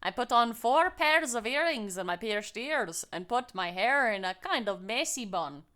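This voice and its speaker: A woman voicing a gothic teenage vampire girl who narrates her day, reading slowly in a shaky put-on Scottish-Irish accent. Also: fairly high pitch, expressive, bright, forceful tone. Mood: mock-dramatic. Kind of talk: comic dramatic reading of fan fiction.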